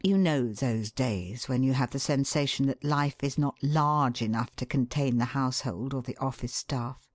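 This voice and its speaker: A woman giving an expressive, measured scripted narration of a book excerpt. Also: extremely low pitch, dry recording.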